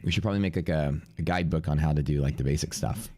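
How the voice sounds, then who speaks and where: A young man with a deep, low voice and a stuffy, sniffly nose talks offhandedly through a live trading stream. He mutters numbers to himself as he works, then turns to chat with viewers in a relaxed, casual way. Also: very fast. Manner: offhand, thinking aloud while reading out numbers. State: congested with sniffles. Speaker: live-stream day trader.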